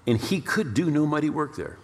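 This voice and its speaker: A male pastor preaching a storytelling sermon in an animated way, repeating words for emphasis. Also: a little high, brisk. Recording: long reverb of a large hall.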